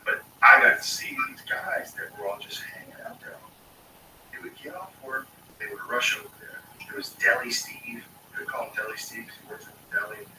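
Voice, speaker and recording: A man's voice: on the high side, huge pitch swings, brisk, reverberant, far from the mic, background noise. A man telling rambling stories in casual, profane talk, with many fillers. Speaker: storyteller. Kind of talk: casual anecdotal storytelling.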